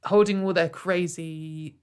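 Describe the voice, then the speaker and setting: A woman's voice: fairly low pitch, fairly even intonation, a little slow, darkish tone, clear, resonant tone. A woman hosting a casual commentary show, mocking what she reads out and laughing often. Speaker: commentary channel host.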